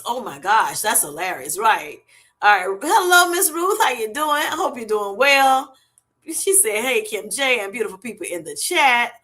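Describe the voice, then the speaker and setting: Her voice sits on the high side, bright and forceful. She's hosting a relaxed live chat stream, reading viewer comments out loud, laughing frequently and calling folks honey and baby.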